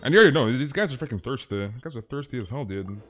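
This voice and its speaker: A man's voice: medium pitch, racing, slight background noise. A young man streaming a game, chatting casually with viewers, rambling and slangy as he tells stories. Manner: rambling, animated storytelling, slangy. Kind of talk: casual live-stream chat.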